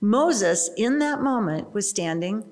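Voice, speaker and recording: Expressive woman teaching the Bible. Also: mid-range voice, slow. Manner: expressive, emphatic, with rising exclamations and asides.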